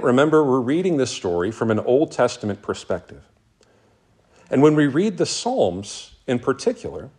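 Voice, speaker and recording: Lively-voiced pastor preaching a sermon. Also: male voice, mid-range voice. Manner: earnest, reads scripture aloud with dramatic pauses.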